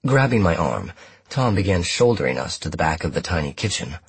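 A man reading a first-person novel aloud in a wry, measured manner. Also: sits low, very animated, breathy edge, no echo. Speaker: audiobook narrator. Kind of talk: scripted first-person narration.

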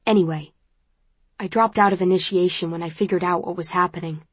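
A woman's voice: fairly low pitch, fairly even intonation, brisk, husky, dry recording. A woman reading an earnest young brother.

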